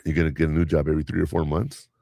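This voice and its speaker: A very deep, dark voice with vocal fry delivers rapid-fire, flat speech on a dry recording. The man hosts a podcast, rambling casually through workplace stories with many fillers and restarts.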